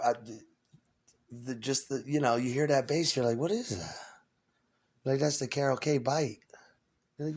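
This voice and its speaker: A man who sings on tour, hoarse from weeks of screaming, telling rambling, profane stories and acting out both sides of conversations. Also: medium pitch. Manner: animated, swears constantly, acts out exchanges. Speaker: touring singer.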